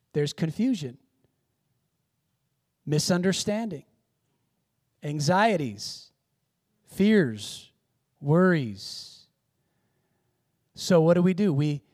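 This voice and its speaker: A man preaching a sermon as pastor, swinging from hushed, quiet stretches to loud exclamations. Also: fairly high pitch, no room sound, clean studio sound. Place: church in Seattle.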